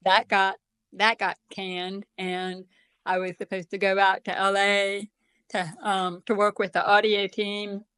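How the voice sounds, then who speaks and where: A woman's voice: mid-range voice, flat delivery, unhurried, sharp tone, clear, resonant tone, no room sound. Woman with a deaf accent, chatty. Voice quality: deaf accent, some sounds slightly different. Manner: chatty, self-deprecating, many ums. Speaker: guest author. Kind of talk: casual interview chat.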